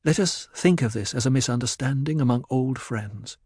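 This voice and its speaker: A man reading a composed noble mother figure, speaking gently and soothingly in a raised voice. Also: medium pitch, moderate pace, husky, no room sound, studio quality, lightly acted.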